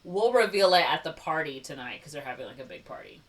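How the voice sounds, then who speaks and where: This podcast co-host has a deep, expressive voice, speaks fast, and sounds recorded from a distance. She rambles through a casual movie recap, leaning heavily on "like" and "whatever."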